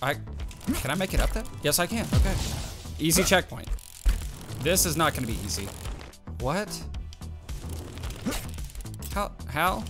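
An excitable man talks through his gameplay in a loose, casual way, often breaking into yelps and exclamations. His voice sits a little high and swings widely in pitch. Game music plays clearly behind him. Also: unhurried, pauses often. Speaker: gaming YouTuber.

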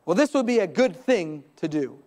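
High-pitched male pastor preaching a sermon in church, lots of emphasis. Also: sing-song, moderate pace, darkish tone. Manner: preaching with rising emphasis and quoted retellings. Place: church sanctuary.

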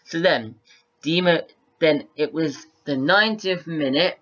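A male football vlogger giving a casual, rambling match review to camera, excitable and often repeating himself. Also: fairly high pitch, measured pace, dull audio.

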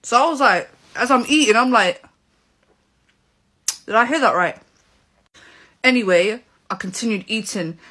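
Bright-voiced young woman telling a story. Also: on the high side. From England. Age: 20s. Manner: animated, indignant storytelling. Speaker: vlogger. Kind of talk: storytelling vlog.

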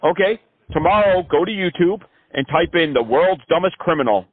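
A man's voice: on the high side, expressive, moderate pace. A man making a prank phone call, sarcastic and mocking as he talks. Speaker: prank caller. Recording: tinny phone line.

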